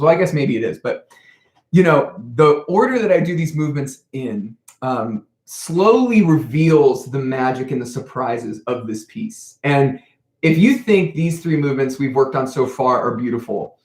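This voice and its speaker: Animated male choir director, echoey room. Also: on the high side. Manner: animated, counts in and sings demonstrations. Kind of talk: choral rehearsal instruction.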